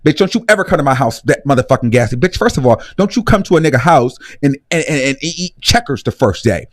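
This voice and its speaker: A man's voice: mid-range voice, expressive, fast talker. A young adult man hosting a live stream, ranting bluntly and profanely. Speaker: host.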